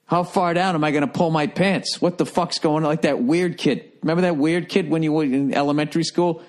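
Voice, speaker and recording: A man's voice: fairly high pitch, fairly even intonation, fairly quick, darkish tone. A man hosting a comedy podcast, telling a rambling, profane story in a casual monologue. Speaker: podcast host.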